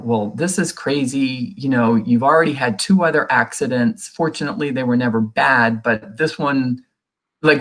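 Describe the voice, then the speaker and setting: A middle-aged woman, a guest in an interview, telling a personal story in an earnest, conversational way and acting out what people said. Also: a bass voice. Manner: earnest, reenacts quoted dialogue in her telling; many fillers and restarts, conversational. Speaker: guest sharing a recovery story.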